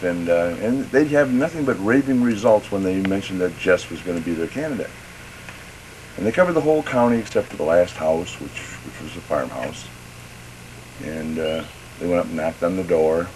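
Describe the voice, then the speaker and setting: A man's voice: deep voice, normal speed, a little hiss or hum, poor audio. A man telling a long folksy joke in a drawling, storytelling manner, voicing the people in it as he goes. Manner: drawling storyteller, rising and excited toward the end. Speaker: joke teller.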